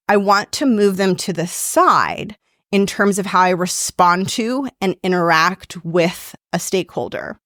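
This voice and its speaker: A woman's voice: mid-range voice, a bit bright, no room sound. Earnest woman podcast host, dry sound. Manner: earnest, reassuring, acts out quoted self-talk. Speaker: podcast host and career coach. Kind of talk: solo podcast advice monologue.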